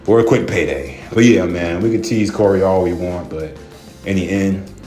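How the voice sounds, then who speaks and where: A man's voice: low voice, normal speed, darkish tone. A man giving casual, profane ranting commentary, laughing often and peppering his talk with "man", "bro" and "y'all". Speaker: wrestling commentary vlogger. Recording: echoey room, faint music.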